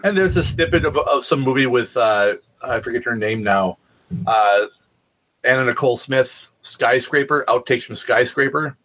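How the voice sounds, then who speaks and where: A man's voice: medium pitch, moderate pace, fairly bright tone. A man co-hosting a podcast, telling rambling anecdotes in casual chat and swearing freely. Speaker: podcast co-host.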